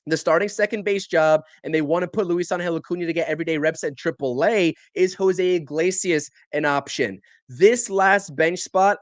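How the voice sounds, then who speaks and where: A man co-hosting a sports talk show, running quickly and emphatically through roster predictions, a little out of breath. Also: high voice, no echo. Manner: emphatic, rapid rundown. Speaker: podcast co-host.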